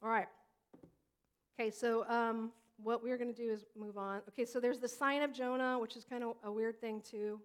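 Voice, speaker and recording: A woman pastor in her thirties delivers a sermon with a high voice. She talks in a chatty, animated way, telling stories and acting out the lines of the people in them. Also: moderate pace, clean tone. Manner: conversational, animated storytelling with acted quotes.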